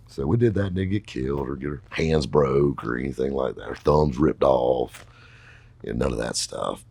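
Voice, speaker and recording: Deep gravelly man. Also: a little mellow, dry recording. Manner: rambling, folksy, heavy fillers. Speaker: podcast host telling a story. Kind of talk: casual storytelling.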